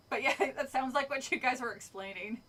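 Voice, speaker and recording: A woman's voice: sits high, unhurried, sharp tone. A woman streamer reading a book aloud and chatting casually with her viewers, laughing often and swearing freely. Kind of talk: casual read-along with chat.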